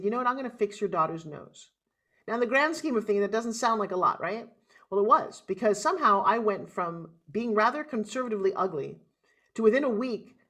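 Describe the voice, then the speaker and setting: A middle-aged woman with a New York accent, a motivational speaker telling her life story as a podcast guest. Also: mid-range voice. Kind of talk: interview storytelling.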